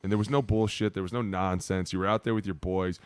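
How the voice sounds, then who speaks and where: Fast-talking deep-voiced man telling stories. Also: clean tone, dry recording. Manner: loose, profane, animated storyteller. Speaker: podcast co-host, former player. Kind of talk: casual storytelling chat.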